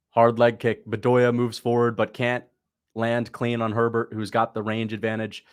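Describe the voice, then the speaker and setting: Excitable man live-streaming fight reactions. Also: medium pitch. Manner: excitable, talks to chat, sudden shouts at big moments. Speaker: livestream host reacting to fights. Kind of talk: casual live commentary.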